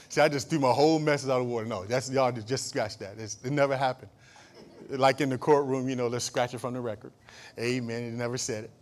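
A male pastor preaching a sermon, dropping to quiet asides, then rising to shouted emphasis with jokes and call-and-response to the congregation. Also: medium pitch, fairly even intonation, brisk. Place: church.

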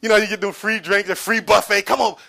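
A man's voice: high voice, steady tone, fast, gravelly, pushed and bright, exaggerated voice. A man acting out his college roommate, a teasing young man coaxing him to go partying.

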